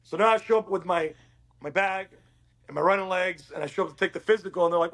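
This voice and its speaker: Guest: middle-aged man from Uruguay, high voice, rapid lively storyteller. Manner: animated, acts out quoted dialogue. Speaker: podcast guest. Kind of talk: casual storytelling interview.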